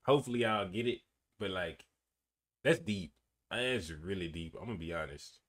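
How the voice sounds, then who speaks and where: A young man hosting a casual music reaction video, chatty and slangy, with sudden loud bursts. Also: low-pitched, lively intonation, normal speed.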